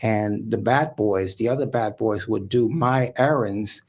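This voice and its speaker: A man guest on a talk show, telling a story in a lively way and acting out other people's voices. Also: lowish voice, a little slow.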